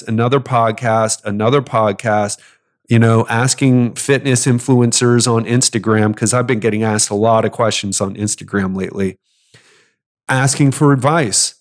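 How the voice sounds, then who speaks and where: A middle-aged man hosting a solo fitness podcast, talking earnestly and persuasively and repeating key phrases for emphasis. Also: mid-range voice. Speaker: podcast host and fitness coach.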